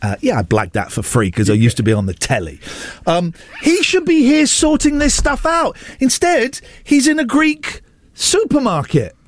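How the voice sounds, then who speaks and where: A man hosting a radio show in the studio, talking in an animated, ranting and self-mocking way. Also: extremely high pitch, normal speed, no room sound. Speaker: radio host. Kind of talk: casual radio chat.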